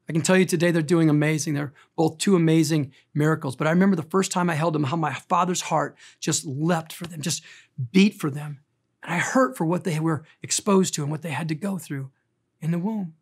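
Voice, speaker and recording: A middle-aged man preaching a sermon as a pastor, telling stories earnestly and emphatically, rising in intensity and dropping to quiet tenderness. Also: a little high, brisk, vocal fry, husky.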